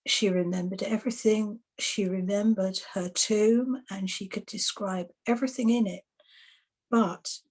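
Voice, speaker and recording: A woman who works as an exorcist and soul rescuer, casually telling anecdotes about her past client sessions. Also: medium pitch. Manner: relaxed, chatty, recounting past client sessions.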